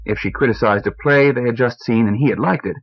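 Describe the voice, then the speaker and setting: A man narrating a short story as an audiobook reader, measured and even, on a muffled old cassette recording. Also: mid-range voice.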